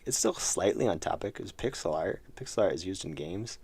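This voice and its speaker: A man's voice: sits low, lively intonation, brisk, darkish tone, husky, no room sound. A man streaming his indie game work, chatting casually with viewers in a rambling, self-deprecating way while losing his voice. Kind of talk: casual live-stream chat.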